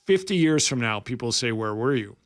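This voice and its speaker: A man in his forties from Alberta, Canada, co-hosts sports radio and tells a long story casually, acting out the quoted dialogue in an animated way. His voice is mid-range and fairly quick.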